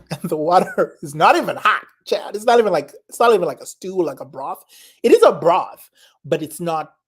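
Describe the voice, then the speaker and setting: A woman's voice: low-pitched, darkish tone, slightly rough. A young woman from Zimbabwe, chatting casually and enthusiastically, rambling, repeating herself and laughing often. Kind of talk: casual chat.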